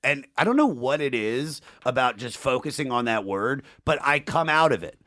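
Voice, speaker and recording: A man's voice: mid-range voice, very animated, moderate pace, a bit bright. Earnest motivational podcast co-host, man. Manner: earnest, motivational, emphatic repetition. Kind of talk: casual podcast chat.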